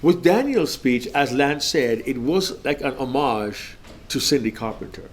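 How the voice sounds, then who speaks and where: A man's voice: mid-range voice, slight background noise. A man, a public speaking coach, critiquing a speech in a casual panel talk, emphatic and repeating key phrases.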